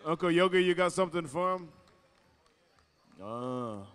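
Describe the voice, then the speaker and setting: A man's voice: mid-range voice, normal speed, clean tone. A man announcing at a powwow arena, easygoing and joking as he calls out names over a PA microphone. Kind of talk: live event announcing.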